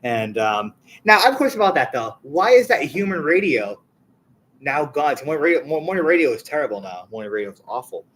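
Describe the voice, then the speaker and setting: A man hosting a casual podcast chat, asking rapid questions with many restarts. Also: fairly high pitch, sing-song, a bit bright, slight background noise, low-quality recording. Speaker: podcast host.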